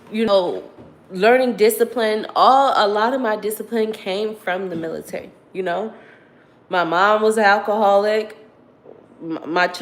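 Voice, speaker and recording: A woman vlogger talking candidly and emotionally to her viewers, rambling and profane, close to tears. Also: mid-range voice. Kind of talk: emotional confessional livestream talk.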